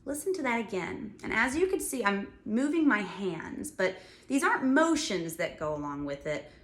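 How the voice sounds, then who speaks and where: A woman music teacher giving a children's music lesson, talking straight to the kids in a bright, encouraging way. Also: mid-range voice, very animated, moderate pace.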